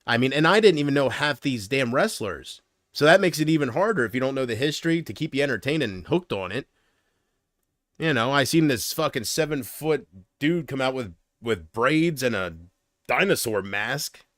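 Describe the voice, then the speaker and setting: A man's voice: mid-range voice, animated, normal speed, no room sound, studio quality. A man hosting his own livestream, chatting casually in a rambling, profane way and laughing at his own jokes. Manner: breaks into loud mocking impressions. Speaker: livestream host.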